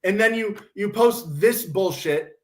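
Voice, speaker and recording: A man's voice: high voice, a little slow. A man hosting a commentary stream, ranting sarcastically and mocking others in put-on quotes. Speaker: podcast host.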